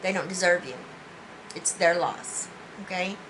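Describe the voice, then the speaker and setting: Her voice sits fairly low and moves a little slowly against background noise as she delivers a spiritual tarot reading. Heartfelt and earnest, she keeps restarting and leans on "you know." Emotion wells up until she is nearly crying.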